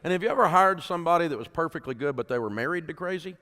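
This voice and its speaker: A man's voice: on the high side, animated, rapid-fire, sharp tone, slight background noise. A middle-aged man, speaking to a conference audience in a folksy storytelling way and often asking the crowd questions. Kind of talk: speech to an audience. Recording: long hall reverb.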